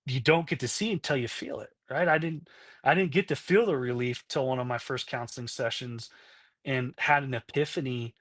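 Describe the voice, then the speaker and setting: An earnest man in his thirties tells his own story with open, unpolished honesty. His voice sits at an ordinary middle pitch. It is captured dry and close, with little room sound around it. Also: normal speed, a bit bright, no echo. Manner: earnest, keeps checking in with "right?" and "you know?"; acts out past conversations in quoted voices. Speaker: podcast guest. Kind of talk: candid personal storytelling.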